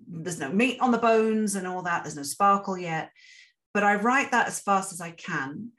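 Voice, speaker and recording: Woman, author guest, casual chat, self-deprecating, laughs easily, mid-pitched voice. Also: a bit bright. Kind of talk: casual interview talk.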